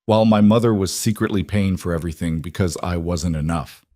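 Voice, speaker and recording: A man's voice: sits low, brisk, warm tone, no echo, studio quality. A man reading a story plays a betrayed grown son whose voice turns bitter and raw. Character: betrayed grown son, angry then tearful.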